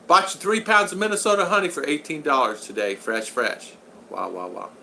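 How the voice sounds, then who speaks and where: A man's voice: fairly high pitch, a little fast, creaky, sharp tone, a little hiss or hum, low-quality recording. Rambling folksy older man livestreaming. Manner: rambling and folksy, joking, repeats phrases. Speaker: channel host. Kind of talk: casual livestream chat reading viewer comments.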